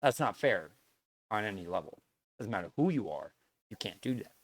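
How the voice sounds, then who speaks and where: A man's voice: on the low side, sing-song, moderate pace, dry recording. A man streaming live, talking bluntly to his viewers in a lecturing way, swearing and repeating himself as he makes his point. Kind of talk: casual stream chat to viewers.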